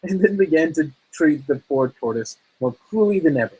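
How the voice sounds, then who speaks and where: A man reading fairy tales aloud in a relaxed, informal way, sometimes stumbling over words and joking between lines. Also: fairly high pitch, brisk, slightly rough, rough recording. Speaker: storybook reader.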